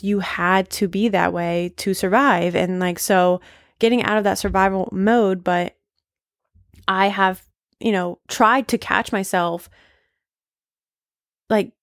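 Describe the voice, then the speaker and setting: A woman's voice: medium pitch, fairly even intonation, takes it slowly, long pauses, no room sound, studio quality. A woman hosting a casual solo podcast, talking candidly and emphatically with frequent swearing and lots of "like" fillers. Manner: emphatic, confessional. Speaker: podcast host.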